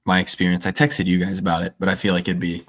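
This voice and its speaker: Deep-voiced dude on a movie podcast, telling a story all animated. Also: male voice, fast talker. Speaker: podcast co-host. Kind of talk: casual storytelling chat.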